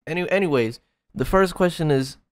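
A man's voice: on the high side, a little fast, no room sound, pitched above the performer's own voice, natural voice. A man playing a polite, flustered male phone support agent in a comedy skit.

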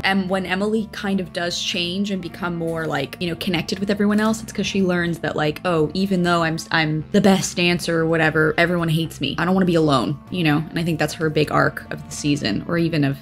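Give me a young woman actor chatting casually as she reacts to her old show, with a fairly low voice and a rambling, self-correcting way of talking.

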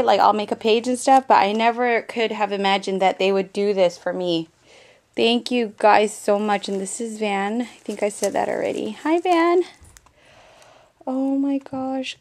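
A woman's voice: medium pitch, a little mellow. A woman paper-craft vlogger in a casual show-and-tell video, gushing and talking straight to her viewers. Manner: gushing, repeats exclamations often.

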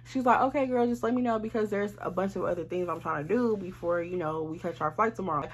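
A young woman, telling a storytime tale in a casual, animated, profane way. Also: medium pitch, fast, a little hiss or hum. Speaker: storyteller vlogger.

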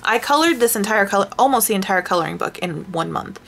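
A woman vlogger chatting casually while showing her coloring books, rambling and self-deprecating, with sighs and hushed asides. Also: medium pitch, expressive, fast talker, vocal fry, a little hiss or hum. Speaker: craft vlogger.

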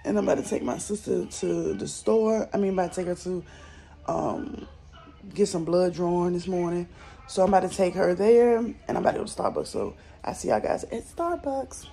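A woman's voice: on the low side, expressive, normal speed, gravelly, mellow. Chatty Southern woman vlogging from bed. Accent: Southern American. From Southern United States. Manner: chatty, blunt, swears freely. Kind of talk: casual vlog chat. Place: at home, in bed.

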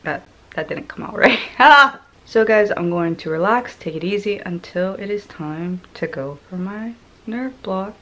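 A woman's voice: medium pitch, lively intonation, a little slow, fairly bright tone, poor audio. A young woman vlogging casually to camera, talking candidly and chattily and swearing freely. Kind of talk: casual vlog talk to camera.

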